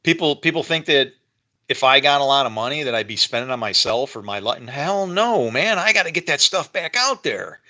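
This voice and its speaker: A man's voice: medium pitch, big pitch swings, a little fast, bright, forceful tone. A man vlogging in his home kitchen, talking in a rambling, emotional way about faith, with frequent laughs and restarts. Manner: preachy, talks about faith. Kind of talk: rambling casual monologue.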